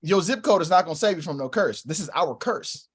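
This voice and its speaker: A man's voice: on the high side, fairly quick, husky. A man in his thirties telling stories in a casual religious discussion, acting out quotes as he goes. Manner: animated storyteller, acts out quotes. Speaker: co-host.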